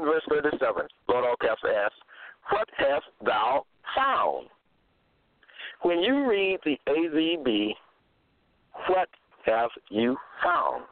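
With a medium-pitched voice, a man teaches the Bible in a monologue, asking his listeners a string of rhetorical questions and repeating himself. The lo-fi audio is dry and phone-like, without echo.

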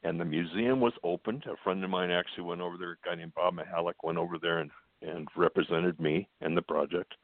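Low gravelly older man on a phone line. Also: fairly even intonation, fast talker, dry recording. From United States. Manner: plainspoken, with fillers and quoted dialogue. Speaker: guest. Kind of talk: storytelling.

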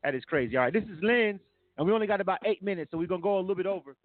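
A man with a high voice hosts a live music review show. He talks loosely and rambles between songs with plenty of fillers. The sound is thin and phone-like. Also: very fast, no echo. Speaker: radio show host.

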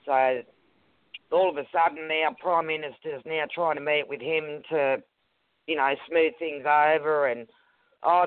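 A man's voice: a little high, dry recording. Blunt Australian man over a phone line. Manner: blunt, swears, uses slang. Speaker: radio guest. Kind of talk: casual talk radio discussion.

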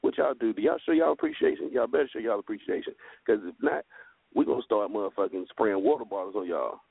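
A man's voice: lowish voice, animated, fast talker, creaky, slightly rough, no echo. A man co-hosting a radio show, brash and profane, teasing the others. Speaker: radio co-host. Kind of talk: casual radio banter. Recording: tinny phone-like audio with faint music.

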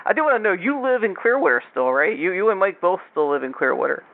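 A man's voice: high voice, very animated, fast, vocal fry. A man hosting a podcast interview in casual chat, talking with many fillers and restarts. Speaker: podcast host. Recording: tinny phone-line sound.

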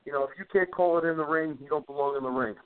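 A middle-aged man casually telling stories on a call, animated and repeating words as he goes. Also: fairly high pitch, very fast. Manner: animated anecdote teller, repeats words as he talks. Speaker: guest wrestler. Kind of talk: casual storytelling on a phone call. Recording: tinny phone line.

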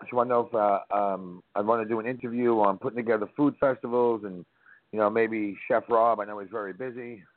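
A man's voice: medium pitch, dry recording. A man guest who organizes food festivals, telling a long story in casual chat and swearing now and then. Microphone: phone call. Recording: phone-line audio.

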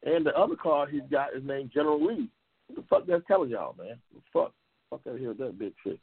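A man's voice: sing-song, fast talker, slightly rough, dry recording. Profane heated man on a phone line. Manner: heated, profane, repetitive, swinging up into high outbursts. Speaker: talk show host. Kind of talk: loud profane call-in chat. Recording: phone-like lo-fi audio.

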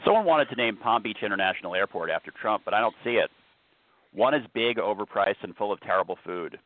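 A man's voice: fairly low pitch, expressive, fast, no echo. A man hosting a casual talk show, chatting loosely and often breaking off mid-sentence. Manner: rambling, self-interrupting. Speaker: host. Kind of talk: casual podcast chat. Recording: tinny phone-line sound.

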